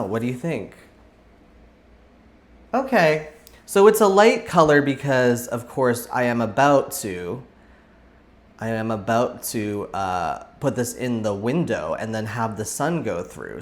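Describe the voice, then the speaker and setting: Rambling, chatty man vlogging. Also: mid-range voice. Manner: rambling, talkative, thinks aloud. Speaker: vlog host. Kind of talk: casual chatty craft vlog. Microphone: camera set back at a distance on the table.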